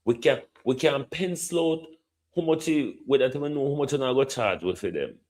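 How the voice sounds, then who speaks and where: A man's voice: medium pitch, expressive, a little mellow. A middle-aged Jamaican man giving opinionated commentary, stretching key words for emphasis and ending points with a questioning "hmm?". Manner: repeatedly addresses a minister by name, drawn-out emphasis, tag "hmm?". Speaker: political commentator.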